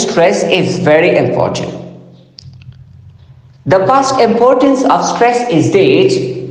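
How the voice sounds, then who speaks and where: A male teacher with a high voice that climbs and dips a lot as he explains. He speaks slowly and formally, repeating words to drive a point home. The sound rings out with a long, heavy reverb. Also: a little mellow. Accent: South Asian English. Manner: addresses "listeners and audience", repeats words for emphasis. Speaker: lecturer. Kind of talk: slow spoken lecture. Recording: echoey room with long reverb.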